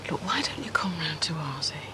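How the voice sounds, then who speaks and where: A woman's voice: low voice, sing-song, brisk, background noise. An actress playing a firm, insistent mother in a soap opera. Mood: concerned. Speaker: mother and sister.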